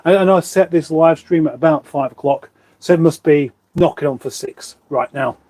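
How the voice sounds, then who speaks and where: A man's voice: a little high, normal speed, darkish tone, no echo. A man from England hosting a casual live stream from his kitchen on a phone, rambling and self-deprecating as he reads out viewers' comments. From England (born in Surrey). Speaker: livestream host. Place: home kitchen, indoors. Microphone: phone on a stand.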